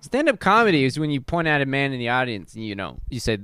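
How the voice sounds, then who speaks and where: Brief: sarcastic male podcast co-host, lively swings in pitch, dry close sound. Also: quick pace, clean tone, no echo. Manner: sarcastic, riffing. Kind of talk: casual comedy podcast banter.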